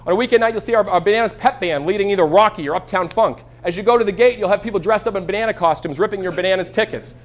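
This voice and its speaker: A man in his thirties giving a live keynote from a stage. He talks quickly, in a slightly raised voice, and tells energetic stories to the crowd. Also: sits high. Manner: energetic storytelling, acts out quoted voices. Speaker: keynote speaker. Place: stage before a live audience.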